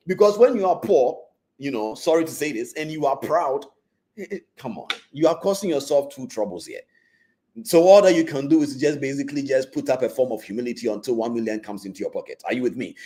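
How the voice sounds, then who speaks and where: A man's voice: on the high side, mellow. Trading mentor man, repeats each point. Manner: repeats key points, keeps asking "are you with me?". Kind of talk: live online class teaching.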